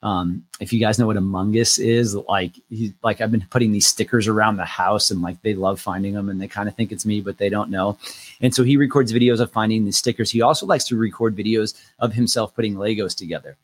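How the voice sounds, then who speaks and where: A man's voice: on the low side, fairly quick. A man in his thirties co-hosting a podcast, talking casually and a bit rambling. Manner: relaxed, rambling, frequent "uh" fillers. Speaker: podcast co-host and loan officer.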